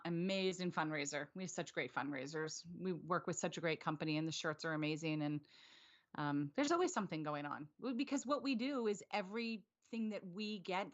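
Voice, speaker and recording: A woman chatting casually as a guest on a live stream, self-deprecating and quick to laugh, on a video call. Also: lowish voice. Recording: dull lo-fi stream audio.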